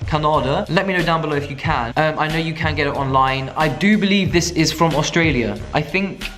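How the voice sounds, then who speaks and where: Young male food vlogger, slightly raised pitch, chatty and upbeat, faint music behind. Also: fairly quick, fairly bright tone. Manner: chatty, enthusiastic, self-mocking. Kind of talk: casual chat to camera.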